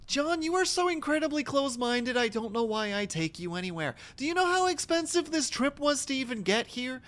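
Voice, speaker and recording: A woman's voice: high-pitched, very animated, fairly quick, a bit bright. A woman voicing a bossy, pushy male tourist named John in a comedy skit, speaking in stiff formal banter. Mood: exasperated. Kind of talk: comedy skit role-play.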